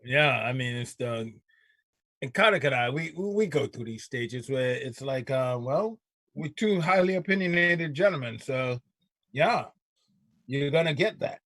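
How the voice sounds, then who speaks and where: A man's voice: medium pitch, expressive, unhurried, a bit bright, dry recording. A man hosting a casual talk show, telling stories bluntly and animatedly with some cussing. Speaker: show host. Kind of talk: casual chat.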